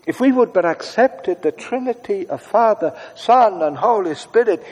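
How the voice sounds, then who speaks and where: A man preaching a sermon in a conversational way, moving between brisk asides and hushed, prayerful tones. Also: sits high, lively intonation, breathy edge, long reverb tail.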